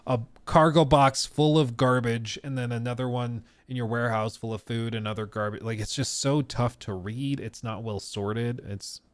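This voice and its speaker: A man's voice: medium pitch, fairly even intonation, moderate pace, hardly any pauses, smooth, no room sound. A man streaming a casual reaction commentary, talking in long rambling stretches full of restarts and fillers.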